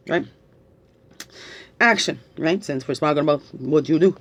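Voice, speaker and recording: A woman's voice: low voice, expressive, moderate pace, sharp tone. Woman, middle-aged, tearful spiritual reader; coaxing questions, frequent "right?", reflective pace. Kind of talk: reflective spiritual guidance talk.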